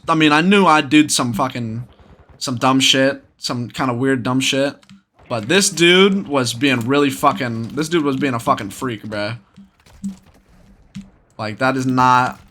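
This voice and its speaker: A man's voice: mid-range voice, sharp tone. A young man telling a story in casual, rambling commentary, swearing constantly.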